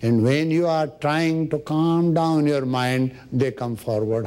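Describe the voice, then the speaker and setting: A man, a spiritual teacher giving an unhurried, instructive meditation talk. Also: on the high side, clean tone. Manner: unhurried, instructive, with soft asides.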